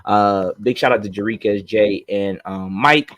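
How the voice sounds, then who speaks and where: A man co-hosting a podcast, telling stories in a loose, animated way with lots of fillers and restarts. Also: fairly low pitch, measured pace. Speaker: podcast co-host. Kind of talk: casual chat.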